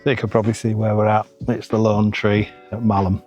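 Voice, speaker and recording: A man's voice: lowish voice, little pitch movement, fairly quick, darkish tone, muffled recording, faint music behind. A middle-aged man, chatting casually and joking at his own expense while vlogging outdoors on a hillside. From England. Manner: chatty, self-deprecating, jokey. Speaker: photography vlogger.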